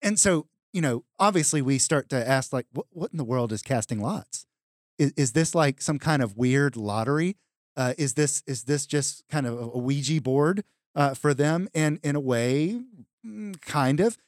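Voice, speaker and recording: A man's voice: mid-range voice, lively intonation, moderate pace, no room sound, studio quality. A man co-hosting a casual Bible discussion podcast, explaining passages in a chatty way. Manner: conversational, explaining with fillers. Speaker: podcast co-host.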